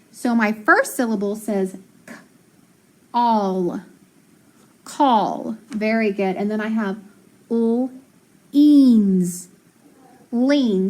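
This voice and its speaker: A woman teacher leading a phonics lesson for young children, sounding out syllables slowly and praising answers with patient encouragement. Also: on the high side, darkish tone.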